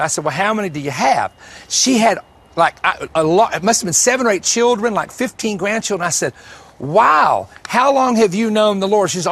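A man's voice: sits high, lively intonation, brisk, fairly bright tone. A man preaching a sermon, telling stories and repeating key lines for emphasis. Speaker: pastor.

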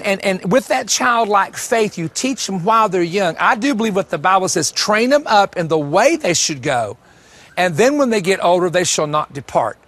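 A man's voice: sits high, a bit bright, no room sound. A man preaching a sermon, telling stories and repeating key lines for emphasis. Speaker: pastor.

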